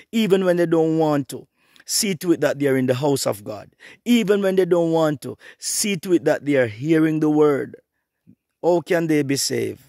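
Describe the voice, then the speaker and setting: A middle-aged man preaching an online sermon, fervent and repetitive, swinging between hushed and rising passages. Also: mid-range voice, creaky, dry recording, studio quality.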